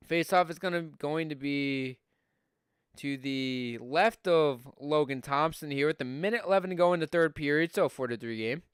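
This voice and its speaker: A man's voice: on the high side, a bit bright, clear, resonant tone, no echo, clean studio sound. A young man from Buffalo with a Western New York accent, a podcast host doing casual live hockey play-by-play on a stream, chatty with fillers and rising on scoring chances.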